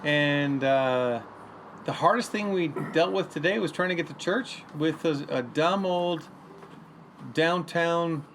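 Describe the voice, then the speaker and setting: A man's voice: fairly high pitch, slow, fairly bright tone, slight background noise. A man hosting a casual, joking chat out on a deck in the woods. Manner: joking, then reads a quote aloud. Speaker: podcast host. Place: outdoor deck in the forest. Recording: faint ukulele music behind.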